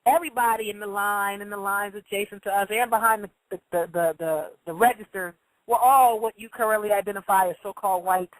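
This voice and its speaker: A woman's voice: mid-range voice, fairly even intonation, brisk, no echo, poor audio. A woman hosting a casual monologue who tells stories bluntly, swears freely and acts out the voices of the people she quotes. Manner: blunt storytelling, profane.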